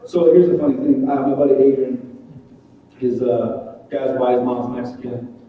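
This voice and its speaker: A man's voice: medium pitch, level tone, normal speed, narrow, tinny audio, a little hiss or hum. A young man preaching a casual youth sermon, joking and self-deprecating, often asking the room questions. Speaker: youth pastor. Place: church hall. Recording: roomy far-off hall recording.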